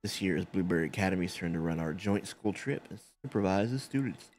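A man's voice: low voice, lively intonation, fast, darkish tone, faint music behind. A man reading as a chatty, gushing woman teacher. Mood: explanatory. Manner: reads on-screen game dialogue aloud in a loose, unpolished way.

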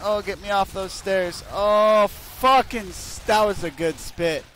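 A young man giving profane, excitable gameplay commentary, cursing at his teammates with loud outbursts. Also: high-pitched, takes it slowly, a little hiss or hum. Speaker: gaming video creator.

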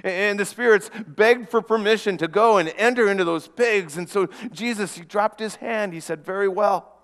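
Man, fairly high voice, earnest first-person storyteller, long church reverb. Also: normal speed. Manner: earnest, with frequent restarts and dramatic hushes. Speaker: preacher in a first-person monologue.

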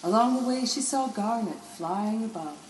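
A woman narrating a children's storybook in a gentle, expressive way. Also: on the high side, normal speed, roomy sound, slight background noise, low-quality recording. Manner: gentle, expressive, lingering on words.

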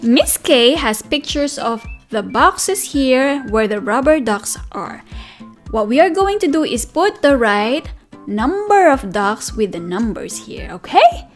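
A woman's voice: sits high, sing-song, slow, faint music behind. Sing-song woman reading to toddlers. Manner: asks the viewer questions and counts along. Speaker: preschool teacher reading aloud. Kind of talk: children's story time read-aloud.

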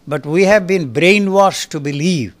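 A man in his eighties, an interview guest in a studio, speaking in an emphatic, forceful and blunt manner. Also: high voice, measured pace. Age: 80s. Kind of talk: fiery spoken discourse. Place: recording studio.

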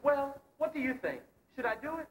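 A woman's voice: high-pitched, sing-song, fairly quick. A woman playing a vain male mayor in a school pageant skit, grand and dithering. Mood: pompous. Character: pompous male French mayor, vain, fussy. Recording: echoey hall from far off, noisy.

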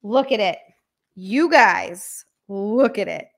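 A young adult woman chatting on a live stream from a room at home, excitable and chatty, thanking viewers by name and bursting into squeals. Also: medium pitch, slow pace, creaky. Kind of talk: casual live-stream chat.

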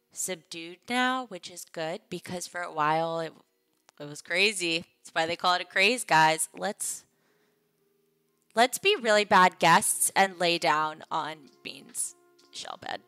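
A woman's voice: lowish voice, a bit bright, smooth, dry recording. A young adult woman hosting a casual game livestream, chatting playfully and joking with her viewers. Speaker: livestream host.

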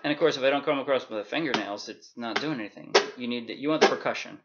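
A man teaching a ukulele strum in a relaxed, chatty way and counting the beats aloud. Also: mid-range voice, fast talker, very noisy. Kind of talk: casual music lesson. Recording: dull lo-fi sound with loud ukulele. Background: ukulele playing.

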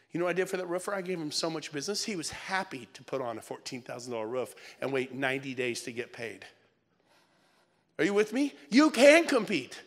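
A man in his fifties giving an energetic motivational speech on stage, swinging between shouts and hushed lines and laughing as he talks to the crowd. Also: fairly high pitch. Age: 50s. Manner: energetic, shouting peaks and dropping to near-whisper. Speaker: real estate speaker. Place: event hall before an audience.

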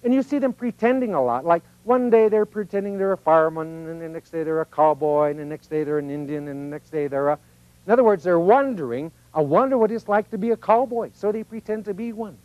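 A man's voice: fairly high pitch, quick pace, no echo, highs cut off. A man giving an informal, folksy teaching talk, often acting out little voices of children and parents. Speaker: speaker on personal growth.

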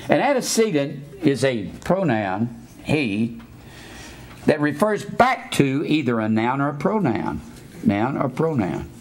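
A man's voice: medium pitch, sing-song, slow pace, a little hiss or hum. An older man preaching a sermon, blunt and scornful, stopping to teach grammar like a schoolteacher. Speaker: pastor.

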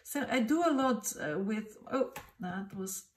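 A woman's voice: mid-range voice, expressive, a little slow. A woman thinking aloud as she draws, hesitant and muttering, asking herself questions as she goes. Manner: hesitant, muttering, many fillers and self-questions. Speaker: drawing teacher. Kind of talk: thinking aloud while drawing. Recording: roomy echo, distant mic.

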